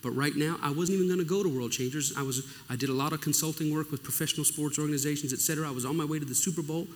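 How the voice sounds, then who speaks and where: A man's voice: on the high side, steady tone, very fast. Man preaching in a reverberant hall. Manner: emotional storytelling with acted-out dialogue. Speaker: pastor. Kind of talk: sermon testimony. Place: church or conference hall. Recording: long reverb of a large hall.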